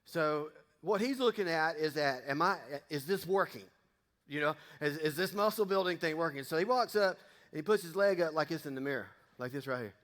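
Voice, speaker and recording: High-voiced pastor in a reverberant hall. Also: male voice, expressive, a little fast, fairly bright tone. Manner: folksy, joking asides to the congregation. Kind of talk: casual sermon. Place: church sanctuary. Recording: long reverb of a church hall.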